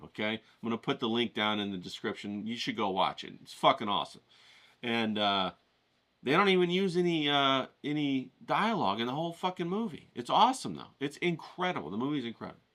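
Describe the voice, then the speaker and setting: Energetic, profane man coaching writers. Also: medium pitch. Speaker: writing challenge host. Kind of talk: casual motivational lesson.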